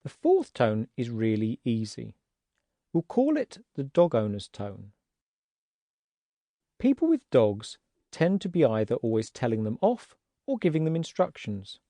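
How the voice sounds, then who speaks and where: A man narrating an audiobook language lesson, patient and clear, acting out example words to show how tones rise and fall. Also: medium pitch, wildly swooping pitch, a little slow, mellow, dry recording.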